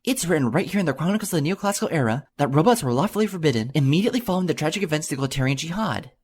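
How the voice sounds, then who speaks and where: A man reading an audiobook, voicing a bossy, bookish young filly unicorn with a high, whining voice. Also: lively intonation, racing, lightly acted. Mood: exasperated. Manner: high-pitched, whining, insistent.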